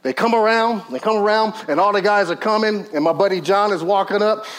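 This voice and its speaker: A man preaching a sermon, telling a story full of acted quotes, swinging from loud high peaks to low murmurs and calling out questions to the audience. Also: fairly quick. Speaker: pastor.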